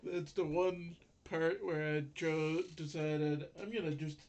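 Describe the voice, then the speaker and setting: Slow easygoing guy talking anime notes, slightly high voice, keeps restarting words. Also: fairly even intonation, darkish tone. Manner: unhurried, restarts words, chuckles between points. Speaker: podcast co-host. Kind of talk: casual anime recap chat.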